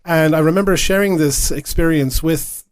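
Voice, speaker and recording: A man's voice: fairly high pitch, moderate pace, dry recording. A man at a radio station, telling an earnest story in a casual podcast chat. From Ireland. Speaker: radio station staff member. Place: radio studio.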